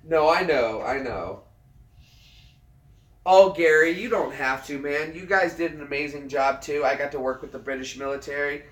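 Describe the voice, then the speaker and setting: A man in his thirties, a military veteran, chatting casually on a livestream, earnest and halting, often repeating himself as he restarts a thought. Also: fairly high pitch. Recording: roomy sound, mic at a distance.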